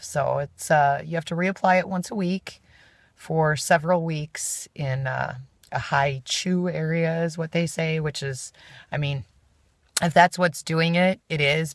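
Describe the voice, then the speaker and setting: A woman's voice: low-pitched, gravelly, no echo. A woman chatting casually to the camera as a vlogger, rambling with many fillers, from inside a moving car. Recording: road noise from a moving car.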